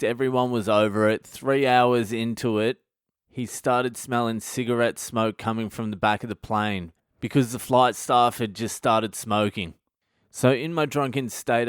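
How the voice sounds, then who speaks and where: A man with an Australian accent, a comedian hosting a podcast, telling a crude, animated, swear-filled story. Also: fairly low pitch, smooth, dry recording, studio quality.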